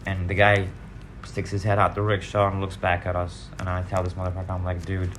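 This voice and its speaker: A man's voice: low-pitched, completely flat delivery, fairly quick, fairly bright tone, slight background noise. A man casually telling blunt, profane stories from his past, rambling with side remarks. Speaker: vlogger sharing recovery stories. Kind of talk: casual storytelling monologue.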